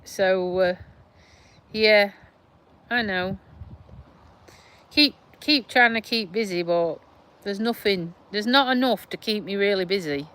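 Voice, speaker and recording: A middle-aged woman from Lincolnshire, England, with a South Yorkshire twang, livestreams as a vlogger from her back garden. Her mid-range voice is fairly bright, with slight background noise. She chats casually, slow and rambling, sighing as she responds to viewers' comments.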